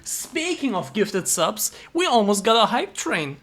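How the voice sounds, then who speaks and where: A woman's voice: mid-range voice, big pitch swings, measured pace, a bit bright. A young woman streaming live, chatting casually with viewers, thanking them and swearing freely.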